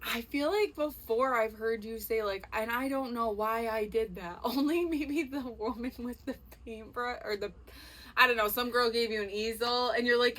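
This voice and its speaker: A woman co-hosting a podcast in casual chat, giggly, excitable and teasing. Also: a little high, normal speed. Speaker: podcast co-host.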